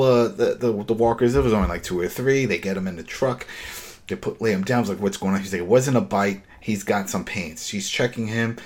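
A man hosting a casual talk show, retelling a TV episode in an animated way. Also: low voice. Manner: animated retelling, acts out quotes. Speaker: host.

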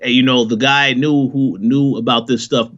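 A man's voice: mid-range voice, fairly even intonation, fairly bright tone. Guy co-hosting a recap chat, hesitant, lots of you-knows, bit muffled lo-fi sound. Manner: halting, trails off with fillers. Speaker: podcast co-host. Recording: slightly dull lo-fi sound.

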